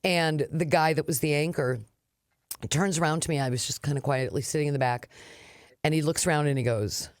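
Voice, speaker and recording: A woman from Minnesota, co-hosting a radio talk show and telling stories in an animated, laughing way. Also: deep voice, no room sound, clean studio sound. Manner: animated storyteller, quick laughs. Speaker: radio co-host. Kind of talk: casual radio chat.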